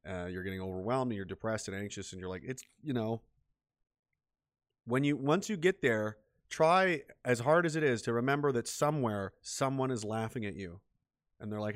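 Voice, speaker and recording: A man delivering a bitter, profane solo rant as a vlogger, repeating himself as he goes. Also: on the low side. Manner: profane, repetitive, bitter and heated. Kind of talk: ranting solo monologue.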